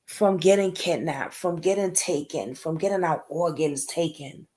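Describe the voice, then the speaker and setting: A woman's voice: deep voice, a little slow, darkish tone. A woman hosting a casual livestream chat, talking emotionally and in a rambling way, greeting viewers by name. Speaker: livestream host.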